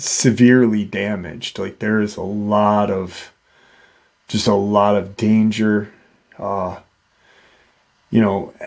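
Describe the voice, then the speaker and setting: A man narrates a strange encounter for his paranormal channel, pausing often and restarting his sentences. He speaks slowly, and his voice sits fairly low. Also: darkish tone. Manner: halting, with many fillers and restarts. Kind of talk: retelling a witness encounter.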